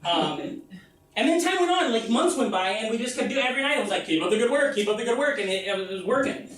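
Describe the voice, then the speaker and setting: An American man telling a profane comic story live on stage, breaking into shouted bits. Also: extremely high pitch, animated, fast talker, slight background noise. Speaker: comedian. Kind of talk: comedic one-man stage show. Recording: echoey live room, mic far off.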